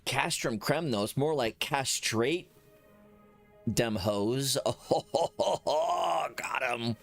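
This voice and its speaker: A man's voice: medium pitch, slow, a bit bright, soft background music. A man giving casual gameplay commentary, joking, self-mocking and swearing as he reacts to the game. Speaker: gaming streamer.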